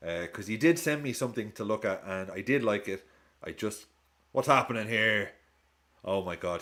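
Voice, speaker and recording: A man hosting a live football watch-along stream, casually chatting with viewers and reacting to the match. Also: fairly quick. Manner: chatty, reacts to play and reads chat aloud; lively swings in pitch.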